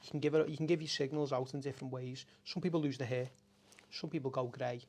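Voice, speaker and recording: A middle-aged man talks openly as a podcast guest. His voice has a gravelly, fry-edged texture, and he speaks sits at an ordinary pitch for a man. He is raw and unguarded, swearing freely and stopping to restart his thoughts. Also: fairly even intonation, a little mellow, a little hiss or hum. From Liverpool, England. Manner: raw and emotional, frequent swearing, halting restarts. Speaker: café owner, podcast guest. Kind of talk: candid conversational storytelling.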